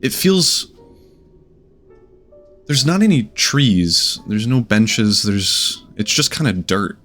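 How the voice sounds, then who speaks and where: Low, slow-talking man narrating a game. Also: very animated, bright, forceful tone, faint music behind. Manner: hesitant, trailing narration with many fillers. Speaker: game master.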